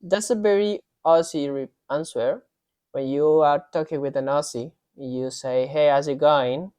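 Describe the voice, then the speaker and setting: A woman co-hosting a casual language lesson, telling stories in a lively way. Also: sits low, measured pace, no echo. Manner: lively, storytelling, non-native phrasing. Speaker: podcast co-host teaching Spanish.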